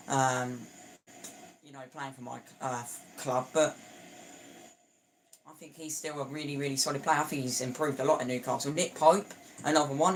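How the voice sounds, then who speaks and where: A young man talks casually over a live football match, opinionated and quick to correct himself, with plenty of restarts. His voice sits at a middling pitch. A faint hiss of background noise runs under him. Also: a bit bright. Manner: chatty and opinionated, with frequent restarts and stumbles. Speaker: football watchalong streamer.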